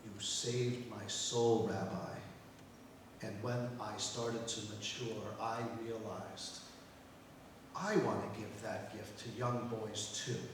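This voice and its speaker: A man telling an animated story to an audience and building to a punchline. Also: on the low side, takes it slowly, slight background noise. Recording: echoey hall from far off.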